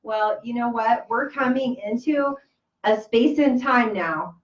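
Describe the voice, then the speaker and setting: A woman's voice: a little high, unhurried. Woman doing spiritual chat, reassuring and rambly, sounds far from the mic in an echoey room. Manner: soothing, reassuring, rambling with restarts. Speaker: spiritual podcast co-host. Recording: roomy, distant, dull sound.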